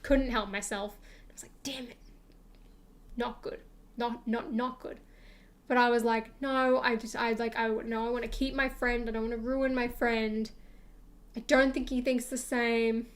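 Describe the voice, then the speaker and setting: A woman's voice: a little high, fairly even intonation, moderate pace. A young woman streamer rambling through a casual storytime chat, full of fillers and acted-out quotes of herself.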